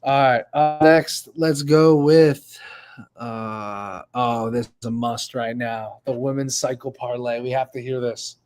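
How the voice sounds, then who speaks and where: A man's voice: medium pitch, fairly even intonation, takes it slowly, darkish tone. A man hosting a casual call-in betting show, laid-back, swearing freely and calling the others "bro". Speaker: host.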